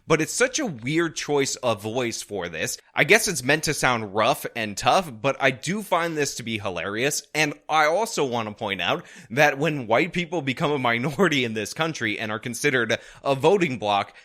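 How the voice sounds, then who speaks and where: A man's voice: medium pitch, animated, moderate pace, few pauses, bright, forceful tone. A man giving sarcastic, mocking commentary in a casual video. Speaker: online political commentator.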